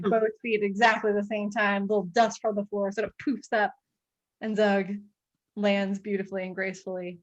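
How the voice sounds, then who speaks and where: A woman runs a tabletop game as dungeon master. Her voice sits a little high, and she rambles through her narration with many fillers and frequent giggles. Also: moderate pace, lo-fi sound.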